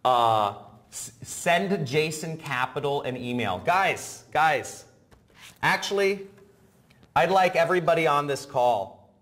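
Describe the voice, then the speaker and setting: A man's voice: fairly high pitch, unhurried. Pushy man hosting a sales webinar. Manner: pushy, gets loud and excited. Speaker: webinar host. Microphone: video call.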